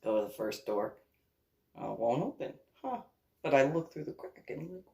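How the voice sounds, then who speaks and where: A woman's voice: very deep voice, very animated, normal speed, vocal fry, dark tone. A woman from New Jersey telling a rambling personal story, laughing often and acting out the dialogue. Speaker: vlogger. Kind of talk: casual storytelling.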